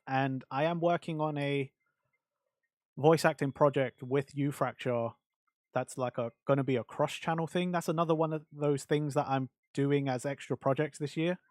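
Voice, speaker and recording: A man's voice: fairly high pitch, darkish tone, no room sound, clean studio sound. A male streamer chatting casually on a livestream, rambling and answering chat with lots of fillers.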